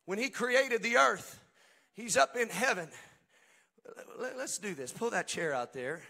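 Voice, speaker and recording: A man preaching a Pentecostal sermon at a church service. He swings between quiet joking asides to the congregation and shouted, sing-song preaching. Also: high-pitched, expressive, unhurried, creaky. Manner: humorous and talks directly to the congregation.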